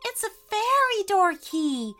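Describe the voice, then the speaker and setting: Bold storybook girl, gushing and high, swoops up and down voiced by a woman. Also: slow pace, soft background music, heavily acted. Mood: excited. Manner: gushing, excitable. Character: curious, bold young girl adventurer.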